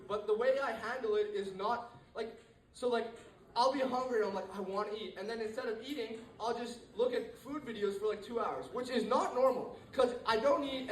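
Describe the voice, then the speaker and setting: A teenage man doing a rambling stand-up set, full of fillers and restarts, to a live room. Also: very high voice. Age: teens. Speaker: stand-up comedian. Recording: echoey room, mic far off.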